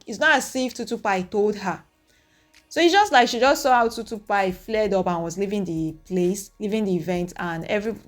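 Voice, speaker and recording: A young woman, recapping events to her viewers in an animated, opinionated way. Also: medium pitch. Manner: animated, opinionated retelling with acted quotes. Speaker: reaction vlogger. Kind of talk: casual recap talking to viewers.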